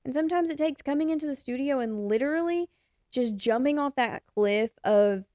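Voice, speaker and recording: A woman's voice: high-pitched, a little fast, darkish tone, dry recording, clean studio sound. A young adult woman hosting a podcast, giving frank, encouraging advice in a casual way and swearing now and then. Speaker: podcast host and photographer.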